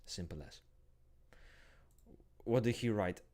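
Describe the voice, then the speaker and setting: A married man co-hosting a podcast, talking loudly and swearing a lot as he rants in casual chat. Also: fairly low pitch, takes it slowly. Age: adult, married. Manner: loud, swears a lot, animated ranting. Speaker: podcast co-host.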